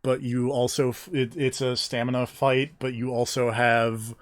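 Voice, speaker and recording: A man's voice: medium pitch, level tone, normal speed. A man chatting casually on a game stream, rambling and hesitant. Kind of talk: casual gaming stream chat.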